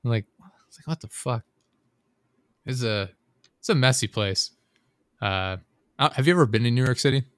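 A young man chats casually and rambles through a story, swearing freely and leaning on fillers. His voice sits at an ordinary pitch. The sound is dry and close, with no room around it. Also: a little fast, pauses often, a bit bright, clean tone, no echo. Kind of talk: casual chat.

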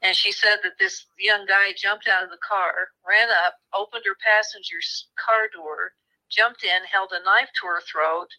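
A woman author walks through a crime case in an interview, her voice sharp and very bright. She tells it vividly, slipping into the voices of the people involved and restarting phrases as she goes. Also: mid-range voice, fairly even intonation, measured pace, poor audio. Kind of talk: storytelling interview.

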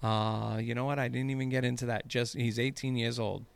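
A man's voice: medium pitch, level tone, a little fast, vocal fry, smooth, no echo. A man hosting a podcast, telling stories in a casual chat, laughing and swearing freely. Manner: laughing, profane storyteller. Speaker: podcast host.

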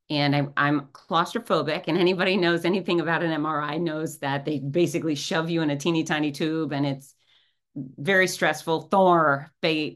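A middle-aged woman, a guest on an interview show, telling her own story in an earnest, lively and blunt way. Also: sits low. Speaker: guest, cancer survivor.

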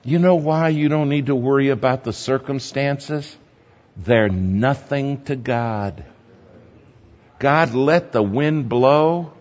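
A man's voice: medium pitch, slow pace, darkish tone. A man preaching a sermon, telling stories with animation and repeating his numbered points. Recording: dull lo-fi sound with long hall reverb.

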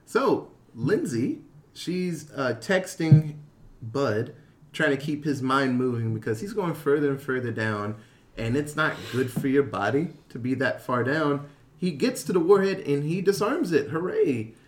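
A man's voice: mid-range voice, sing-song, measured pace. A man in casual chat, animatedly retelling a film plot with crude slang. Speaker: podcast co-host retelling a film. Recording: roomy echo.

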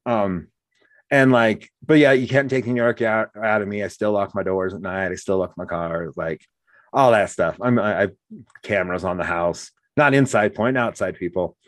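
Man, casual talk, acts out quotes, low pitch, dry close sound. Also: normal speed, no echo. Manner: animated storyteller, acts out quotes. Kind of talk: casual conversation.

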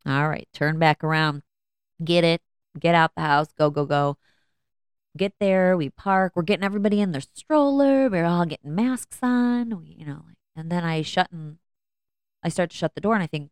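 A woman's voice: low-pitched, a little fast, dry recording, clean studio sound. A woman in her thirties hosting a podcast, candidly telling a self-deprecating story about her kids and laughing often. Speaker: podcast host, mother of four. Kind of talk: casual personal storytelling.

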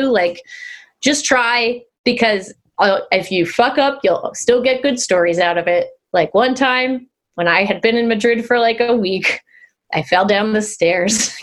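A woman chatting as a podcast guest, talking loosely with restarts and frequent laughter. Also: medium pitch. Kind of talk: casual chat.

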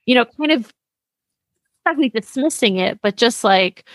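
A woman's voice: a little high, animated, moderate pace, dry recording. A woman being interviewed as a memoir author, speaking reflectively and casually with lots of "like". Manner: reflective, casual, uses "like" often.

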